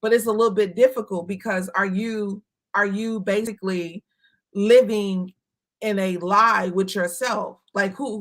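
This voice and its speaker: A woman from Chicago talking candidly in a casual chat, emphatic and blunt, swearing now and then. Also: mid-range voice. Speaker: co-host.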